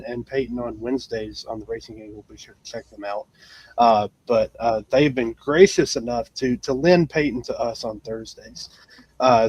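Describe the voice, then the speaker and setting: A man's voice: medium pitch, darkish tone, no echo. A man hosting a casual live racing talk show, with many fillers and restarts. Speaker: podcast host.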